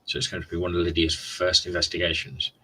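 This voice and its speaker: A man's voice: sits low, completely flat delivery, quick pace, sharp tone, slight background noise, rough recording. A man hosting a live stream, chatting casually to viewers in a rambling way and often restarting his words. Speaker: livestream host.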